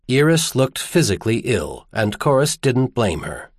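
A man narrates an audiobook in a measured, expressive storytelling manner. His pitch rises and falls in lively arcs. The recording is dry and close. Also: dry recording.

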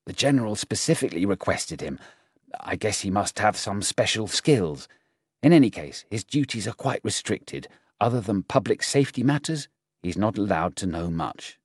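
A discreet army officer passing on rumours under his breath, as a man reads him. The voice is low and the recording dry. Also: lively intonation, normal speed, breathy edge, no echo. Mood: confiding. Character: discreet male army officer gossiping quietly.

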